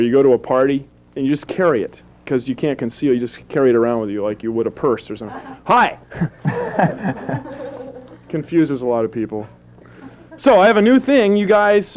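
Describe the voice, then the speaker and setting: A man in his thirties doing goofy stand-up comedy on a public access TV show, deadpan jokes with sudden silly voices. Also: on the high side. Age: 30s. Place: small TV studio with live audience.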